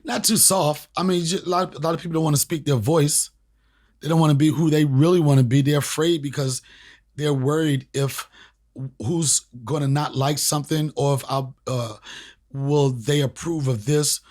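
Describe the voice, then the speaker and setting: A man, a comedian and podcast host, telling a story in a casual interview with emphatic, profane, animated talk. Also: on the high side, moderate pace. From Washington, D.C. area. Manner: animated, profane, emphatic, repeats phrases for punch.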